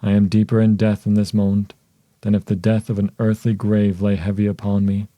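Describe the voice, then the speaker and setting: A man voicing a devoted young wife in an audiobook, soft and measured, with a very mellow, low voice. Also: completely flat delivery, no room sound, close to an everyday voice. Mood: solemn tender.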